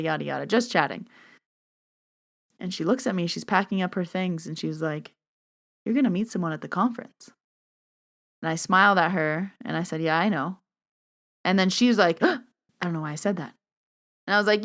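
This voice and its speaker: A woman hosting a podcast, telling a personal story in a chatty, animated way and acting out the dialogue. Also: mid-range voice, clear, resonant tone. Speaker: podcast host. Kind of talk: casual storytelling monologue.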